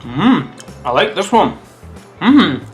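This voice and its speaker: This Scottish vlogger has a high voice and a slow pace, with soft background music underneath. He does a relaxed taste-test review, chatting animatedly and musing aloud as he eats.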